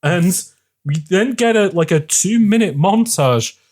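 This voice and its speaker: A man's voice: high-pitched, expressive, a little slow, a little mellow. A man co-hosting a casual movie podcast, recapping the plot animatedly and swearing freely. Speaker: podcast co-host. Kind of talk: casual movie-review chat.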